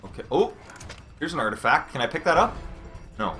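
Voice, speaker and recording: A Canadian man commentating a video game live, excitable and swearing often. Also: mid-range voice, brisk, faint music behind. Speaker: let's play streamer. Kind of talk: casual gameplay commentary.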